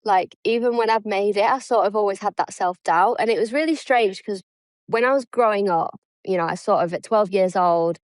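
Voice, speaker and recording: Her medium-pitched voice comes through at normal speed with no room sound as this thirtysomething ex-cricketer from England chats in a casual interview. Self-deprecating, she acts out any dialogue she quotes.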